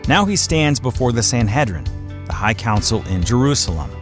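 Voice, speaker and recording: A man's voice: medium pitch, big pitch swings, normal speed. A man reading a scripted introduction for a radio ministry program. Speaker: program announcer. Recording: guitar music underneath.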